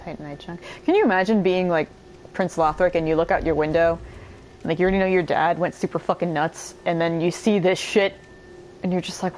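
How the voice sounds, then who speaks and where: A woman giving casual, chatty let's-play commentary while she plays, excitable and quick to swear. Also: lowish voice, slight background noise. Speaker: gameplay streamer.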